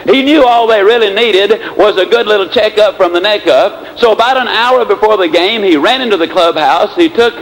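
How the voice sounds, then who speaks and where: A man from the American South giving a motivational speech, telling stories and acting out the people in them with big swings in pitch and pace. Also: moderate pace, few pauses, low-quality recording. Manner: animated, acts out characters with big swings in pitch and speed. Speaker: motivational speaker.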